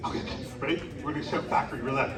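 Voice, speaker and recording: A man hosting an interactive live storytelling show, animatedly coaxing the audience to shout along. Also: medium pitch, racing. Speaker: live children's storytelling performer. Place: outdoor winter carnival stage. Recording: echoey, distant live stage recording with crowd. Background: audience noise.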